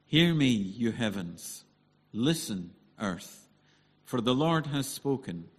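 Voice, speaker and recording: A man with a soothing Scottish accent reading a Bible passage aloud in church, measured and steady. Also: medium pitch, breathy edge, in a large hall. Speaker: scripture reader.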